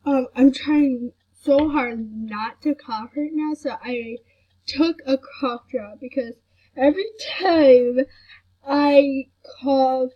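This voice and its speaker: Woman, sick, husky and breathy, slow rambling chat, dull lo-fi phone recording. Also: sits high. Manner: soft-spoken, rambling with many fillers. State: sick with a headache. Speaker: vlogger. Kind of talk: casual chat to camera.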